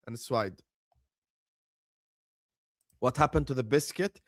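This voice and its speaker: A man hosting a football watchalong livestream, excitedly chanting and urging viewers to subscribe. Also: mid-range voice, takes it slowly, no echo, clean studio sound. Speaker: livestream host. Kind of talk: hyped watchalong livestream chat.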